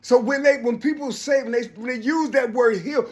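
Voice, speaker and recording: High-voiced guy going on a preachy spiritual ramble, voice bouncing all over. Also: expressive, normal speed, hardly any pauses, darkish tone. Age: adult. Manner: preachy, repeats "you see"; shifts between high and low voices.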